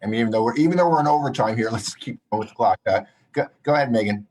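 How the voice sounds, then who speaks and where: A man's voice: mid-range voice, rapid-fire, a little mellow. A man chairing an online public hearing over a video call, polite and hesitant with many fillers.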